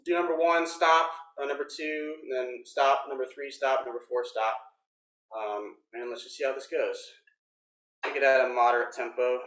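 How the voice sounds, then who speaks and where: A man's voice: on the high side, recorded from a distance. Man teaching a drum workshop, roomy. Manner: explanatory, relaxed, frequent ums. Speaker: drum instructor. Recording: roomy echo.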